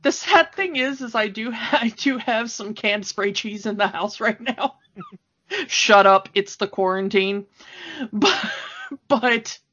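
A woman in her thirties chats casually as a podcast co-host. She often breaks into laughter. Her voice sits fairly high, and the recording sounds dull and lo-fi. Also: animated, measured pace, fairly bright tone, husky. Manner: chatty, laughs often, fillers and restarts. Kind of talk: casual chat.

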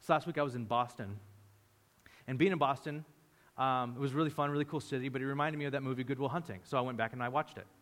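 A man preaching a sermon as a pastor, telling the story with lively energy and playing the disciples' voices. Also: medium pitch, fast. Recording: long hall reverb.

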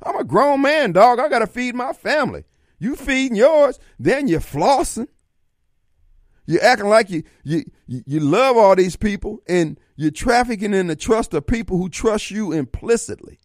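A man's voice: high-pitched, expressive, normal speed, no room sound, clean studio sound. A man hosting a call-in talk radio show, blunt and streetwise in his delivery.

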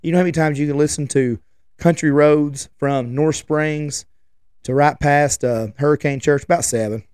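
A man's voice: a little high, steady tone, normal speed, darkish tone, smooth, no room sound, studio quality. A man, hosting a podcast and telling rambling, chatty stories. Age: 40s. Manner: rambling, chatty, restarts and trails off. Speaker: podcast host. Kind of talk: casual rambling storytelling.

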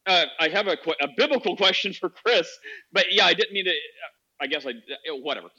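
Bright, rambling male podcast host. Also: high voice, expressive, brisk, slightly rough, dull audio. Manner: rambling, restarts, quotes others in mocking voices. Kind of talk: casual debate chat.

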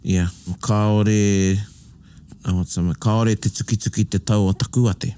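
A man's voice: fairly low pitch, steady tone, unhurried, warm tone, clear, resonant tone, no echo. A man casually explaining Māori phrases and idioms, patiently giving examples and translations. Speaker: te reo Māori expert. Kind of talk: casual language chat.

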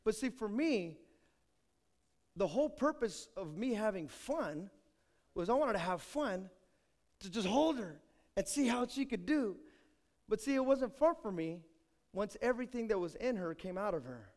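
A male pastor preaching a sermon with dramatic storytelling, swinging between loud and soft. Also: high voice, animated, moderate pace, pauses often. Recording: echoey hall.

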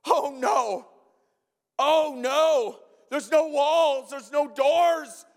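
A man playing a distraught, panicking man who shouts in despair over ruin. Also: very high voice, extremely slow, voice pushed up, heavily acted. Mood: panicked. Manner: shouting, frantic. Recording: long church-hall reverb.

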